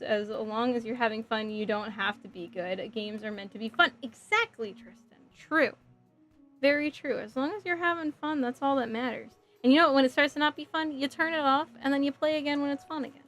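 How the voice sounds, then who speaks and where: A woman's voice: on the high side, steady tone, fairly quick, fairly bright tone, faint music behind. A woman in her thirties chatting casually with her viewers while building a model kit, giggling often. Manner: chatty, giggly, reading chat aloud. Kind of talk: casual livestream chat.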